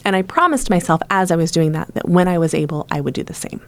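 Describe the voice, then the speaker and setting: A woman sits in as a guest on a casual podcast, recounting her experience in a low-pitched voice. She tells it as an animated story, slipping into the voices of the people she quotes. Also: quick pace, no room sound. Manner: animated storyteller who acts out other people's lines. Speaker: supporter of parents through loss.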